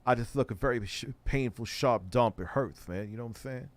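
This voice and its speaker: A man's voice: mid-range voice, brisk. A man hosting an online show, giving casual, sarcastic commentary on clips. He sounds exasperated and swears freely. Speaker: host.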